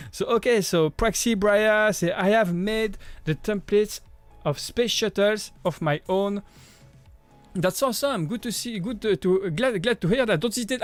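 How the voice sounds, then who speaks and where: A man in his thirties with a French accent and a fairly high voice chats casually with his livestream viewers. He stays friendly and upbeat but halts often, restarting phrases and repeating words. The sound is dry and close, with soft music faintly underneath. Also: dry recording. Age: 30s. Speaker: livestream host.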